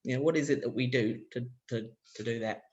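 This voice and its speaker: A man's voice: mid-range voice, a little fast, a little mellow, lo-fi sound. A man with an Australian accent presenting a practical workshop to language teachers, explaining ideas in a loose, conversational way and walking through examples.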